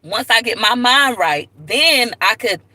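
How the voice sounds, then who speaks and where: A woman's voice: fairly high pitch, lively intonation, a little slow, pushed and bright, no echo, poor audio. A woman, talking frankly in a casual livestream and telling stories with a preachy edge. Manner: frank, preachy storytelling with asides. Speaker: vlogger.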